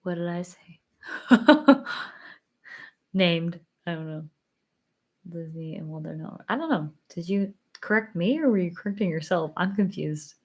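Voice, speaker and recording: A woman's voice: lowish voice, animated, measured pace, long pauses. A young woman chatting casually on a livestream, reading viewer comments, giggling and filling with "like", a little tired. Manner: chatty, giggly, lots of fillers. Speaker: livestream host.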